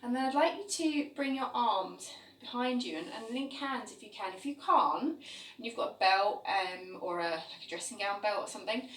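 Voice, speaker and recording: A woman's voice: mid-range voice, moderate pace. Echoey woman cueing a yoga class. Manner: calm step-by-step cueing of poses. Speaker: yoga teacher. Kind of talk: guided yoga class instruction. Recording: echoey room, voice from a distance, faint ambience.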